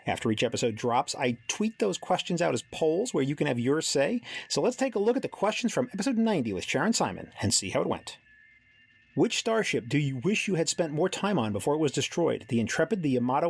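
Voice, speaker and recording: Lively, playful male podcast host. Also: fairly high pitch, vocal fry. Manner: playful, animated delivery. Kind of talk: scripted podcast announcements and interview.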